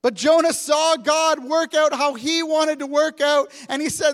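A male pastor preaching a sermon, telling stories in an animated way and acting out the dialogue. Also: extremely high pitch, unhurried. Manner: animated storytelling, acts out dialogue. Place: church sanctuary. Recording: long church reverb.

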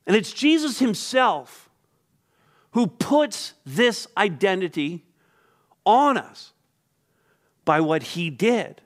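High-voiced male pastor preaching emphatically. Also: very animated. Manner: emphatic preaching with repeated words and pauses. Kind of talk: sermon.

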